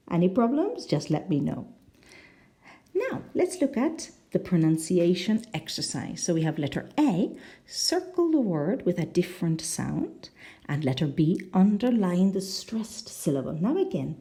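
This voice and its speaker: Woman english teacher, slow and lilting, kinda mellow low voice, models every word. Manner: slow, drawn-out words with big rises and falls, modelling pronunciation; checks in with the learner using "no?". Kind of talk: video English lesson.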